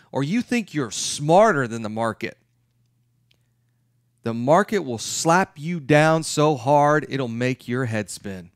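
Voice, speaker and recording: A middle-aged man giving an emphatic, lively talk as a real estate investment educator. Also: medium pitch, no room sound, studio quality. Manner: emphatic, acts out his clients' questions.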